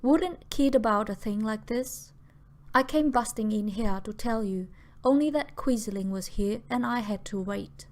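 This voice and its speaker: A woman voicing a blunt, gruff older man who talks in a coarse, insistent way. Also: fairly high pitch, measured pace, a little mellow, lightly acted. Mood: urgent, insistent.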